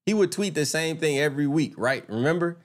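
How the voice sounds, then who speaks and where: A man's voice: on the high side, animated, a little fast. A man doing casual live-stream commentary, talking straight to his viewers, swearing freely and getting heated and indignant when he rants.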